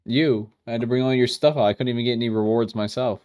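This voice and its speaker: A man's voice: mid-range voice, fairly even intonation, fast talker, a little mellow, no room sound, studio quality. A man joining friends in a video game, teasing and sarcastic in casual banter. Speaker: fellow player.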